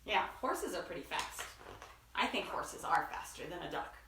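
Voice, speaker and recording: A teacher reading a picture book aloud, expressive and asking her listeners questions. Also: on the low side, moderate pace, roomy sound, recorded from a distance, background noise. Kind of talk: storybook read-aloud.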